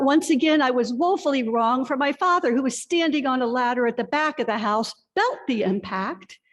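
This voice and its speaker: A woman pastor giving a sermon, telling a personal story with earnest, confessional warmth. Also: high-pitched. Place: church sanctuary. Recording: long reverb of a church hall.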